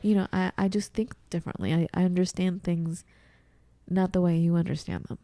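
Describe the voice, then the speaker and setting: Her voice is fairly low and a touch fast, captured as a dry, studio-quality recording even though she's at home. She co-hosts a podcast in a casual chat, animatedly acting out her own confused, puzzled voice.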